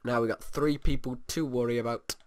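A man's voice: medium pitch, steady tone, fairly quick, dry recording. A man giving casual let's play commentary, rambling and humming to himself as he plays. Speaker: gamer.

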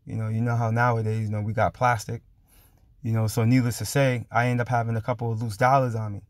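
A man's voice: medium pitch, little pitch movement, fast talker, no room sound. A man delivers a casual, fervent testimony in a mid-range voice, peppering it with street slang and constant "you know" and "I'm like" fillers. The recording is close and dry, with no room sound. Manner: fervent, spirited retelling. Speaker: preacher.

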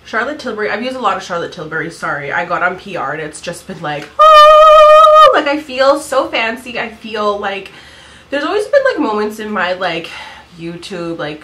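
A woman's voice: lowish voice, a bit bright, slight background noise, rough recording. Chatty giggly woman in her thirties. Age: 30s. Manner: chatty, giggly, lots of "like" fillers. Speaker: beauty vlogger. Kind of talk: casual makeup tutorial chat.

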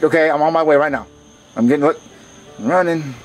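A man's voice: a little high, fast talker, faint music behind, lightly acted. A man voicing Junior, a whiny, bratty boy puppet who stammers out excuses. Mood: evasive. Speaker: puppet voice actor. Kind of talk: puppet comedy acting.

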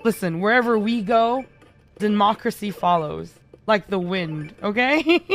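A woman's voice: medium pitch, expressive, a little slow, soft background music. A woman streaming a co-op game, chatting casually and teasing her teammates with lots of giggles. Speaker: VTuber streamer. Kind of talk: casual gaming stream chat.

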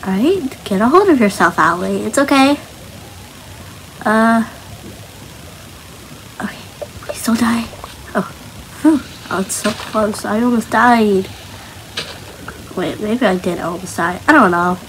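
Slow, nervous young woman gaming. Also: mid-range voice, lively intonation, fairly bright tone, slight background noise, low-quality recording. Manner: nervous, chatty self-talk. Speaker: gaming channel host. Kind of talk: casual Minecraft gameplay commentary.

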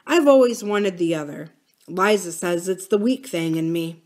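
Brief: woman reading a musing, gentle older farmer in an audiobook-style reading. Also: sits high, moderate pace, natural voice.

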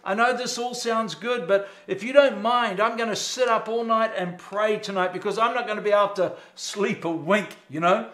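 A man's voice: high voice, normal speed, few pauses, pushed and bright. A preacher voicing a fretful young boy. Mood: worried. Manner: uneasy, fretting. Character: anxious young Jewish boy, firstborn, worried. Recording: echoey church sanctuary.

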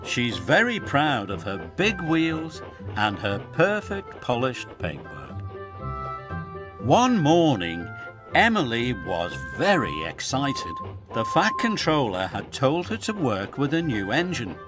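Slow, lively British male storyteller. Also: mid-range voice. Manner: animated read-aloud. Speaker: narrator. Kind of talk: storybook narration. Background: background music.

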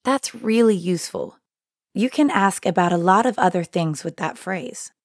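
Woman co-hosting a clear language lesson. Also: mid-range voice, animated, moderate pace, no echo, studio quality. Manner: repeats phrases clearly for learners.

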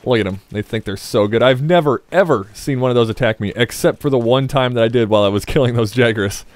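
On a dry recording, a fast-talking man with a medium pitch hosts a Let's Play, casually narrating his gameplay. He wanders from topic to topic, jokes around and speaks straight to his viewers.

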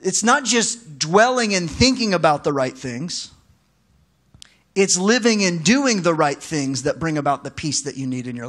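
Animated high-voiced male pastor preaching. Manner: conversational, animated preaching with asides to the congregation. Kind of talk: sermon.

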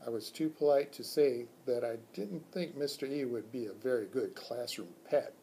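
A man from a school reading a children's book aloud in a calm, measured storytelling manner. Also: mid-range voice, slight background noise. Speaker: school staff reader.

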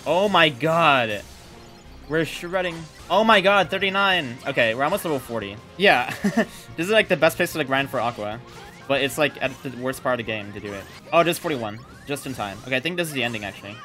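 A young man giving excited live commentary while playing a video game, swearing, yelling and laughing at the fight. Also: mid-range voice, fairly quick, faint music behind. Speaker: gaming streamer.

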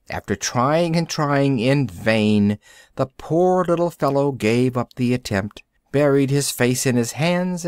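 A man reading a children's story aloud in a clear, measured way for English learners. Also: mid-range voice, no echo, studio quality. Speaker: narrator.

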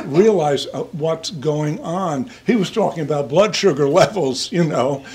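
A man's voice: on the high side, darkish tone. An older man, a priest, preaching in a conversational, digressive way and speaking to listeners by name. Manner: chatty, digressive, addresses listeners by name, chuckles. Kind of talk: conversational sermon. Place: church.

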